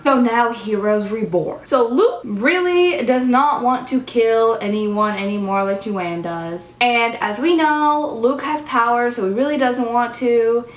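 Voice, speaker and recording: A woman's voice: a little high, roomy sound. Chatty young woman recapping episodes. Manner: chatty, acts out characters' lines in quick bursts. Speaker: vlogger reviewing TV episodes.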